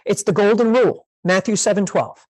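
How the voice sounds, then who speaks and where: A woman's voice: medium pitch, a little fast, darkish tone. A woman pastor teaching a leadership master class, emphatic and repeating her key phrases, sometimes playing out sample conversations.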